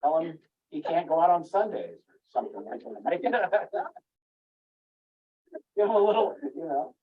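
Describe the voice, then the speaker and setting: Heard muffled and distant in a room recording, a group speaker with a slightly high voice and big pitch swings talks slowly. His story is rambling and candid, punctuated by occasional laughs at his own expense.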